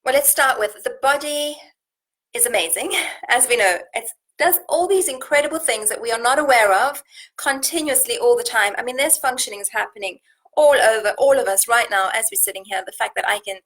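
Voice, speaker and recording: A woman hosting a live wellness challenge, slowly counting breaths and then chatting with viewers. Her voice is slightly husky, and she is seated indoors at home. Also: fairly high pitch, a bit bright, low-quality recording. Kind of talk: live-streamed coaching chat with guided breathing.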